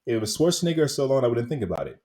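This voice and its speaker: A man talking about films in a relaxed chat with friends, with a lively voice that swings up and down. He laughs a lot and slips into little acted-out quotes. His pitch sits in a middle range. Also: very fast. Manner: animated, laughs often, acts out quotes. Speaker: podcast co-host. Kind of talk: casual movie review chat.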